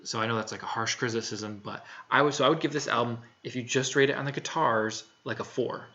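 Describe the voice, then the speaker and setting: Bright-voiced casual male reviewer. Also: mid-range voice, fast, dull audio. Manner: frank, plainspoken, with many fillers and restarts. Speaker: album reviewer.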